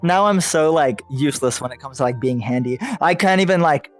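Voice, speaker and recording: A man co-hosting a casual podcast, his voice sitting somewhat high, laughing as he rambles through stories. Faint music plays under him. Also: a little fast. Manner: laughing storyteller, heavy use of "like" and swearing. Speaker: podcast host. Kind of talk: casual chat.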